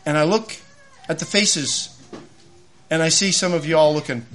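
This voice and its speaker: A man, preaching a sermon in a folksy, animated storytelling way. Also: a little high, moderate pace, pauses often. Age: 50s. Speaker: lay preacher.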